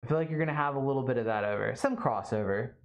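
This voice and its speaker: In dull audio, a young woman talks rapid-fire in an extremely low voice as she livestreams, chatting with her audience, reading their comments, and peppering everything with "like" and "um."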